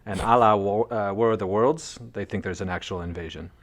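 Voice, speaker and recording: Deep-voiced male co-host, low-key casual chatter. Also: fairly quick. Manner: low-key, trailing off mid-thought. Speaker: podcast co-host. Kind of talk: casual chat.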